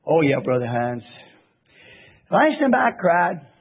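A man putting on a self-pitying churchgoer whose voice sinks well below his usual high pitch. He whines in a husky, drawn-out tone. The sound is tinny and narrow, like a phone line. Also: sing-song, exaggerated voice. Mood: mawkish. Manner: mawkish, drawn-out complaining. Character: imagined sentimental churchgoer, self-pitying, easily weepy.

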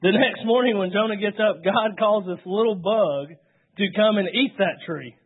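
Guy preaching a sermon, kinda high voice, sounds thin like over a phone. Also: normal speed, breathy edge, phone-quality sound. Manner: storytelling, retells scripture dramatically.

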